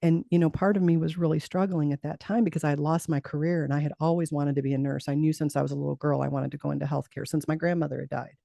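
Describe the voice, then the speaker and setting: A middle-aged woman speaks as an interview guest, sharing her own story earnestly and acting out the voices she remembers. Her voice is low and mellow with a gravelly edge, and the recording is close and dry with no room sound. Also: steady tone, fast talker, hardly any pauses, no room sound. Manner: earnest, acts out quoted dialogue. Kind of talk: personal storytelling in conversation.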